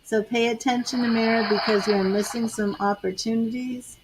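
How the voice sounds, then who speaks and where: A woman's voice: a little high, steady tone, moderate pace, background noise. An older woman giving tarot readings on a live stream, chatting with viewers by name. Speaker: tarot reader.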